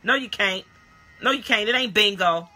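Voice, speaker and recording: Forceful fifty-something woman preaching. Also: medium pitch, normal speed, soft background music. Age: 50s. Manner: emphatic, folksy, calls out to listeners, bursts into shouts. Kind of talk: lively sermon teaching.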